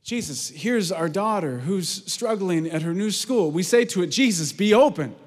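A man preaching in a big reverberant hall, his voice sitting a touch high for a man. He tells stories with lively energy, then sinks into soft, earnest prayer. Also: normal speed. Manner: earnest, lively storytelling with hushed prayerful lows. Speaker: pastor. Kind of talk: sermon. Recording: long reverb of a large hall.

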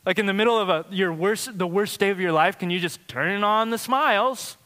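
In a large hall, a pastor with a high-sitting, sharp voice speaks fairly quickly as he preaches. His sermon unfolds through conversational stories packed with filler words.

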